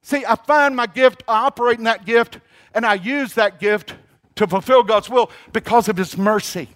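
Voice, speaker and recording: A man's voice: very high-pitched, a bit bright. A man preaching a sermon, emphatic, drawing out key words and calling on the congregation to repeat after him, with frequent restarts. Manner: halting restarts, drawn-out emphasis. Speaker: pastor.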